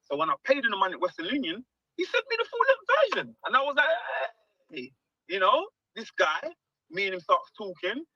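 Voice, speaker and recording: A man tells stories in a lively, swooping, high voice, acting out every quoted line. His tone is bright and sharp. The recording is dry and dull, with a lo-fi edge. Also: a little fast, dry recording. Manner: animated, acts out quoted dialogue. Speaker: guest musician. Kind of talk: storytelling interview.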